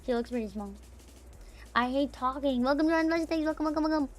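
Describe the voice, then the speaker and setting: A young woman streaming as a VTuber from home, chatting loosely with a slight tomboyish rasp, swearing and laughing as she reads out chat. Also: high-pitched, fast talker. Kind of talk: casual livestream chat, reading out chat messages. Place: home room. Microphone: desk streaming mic.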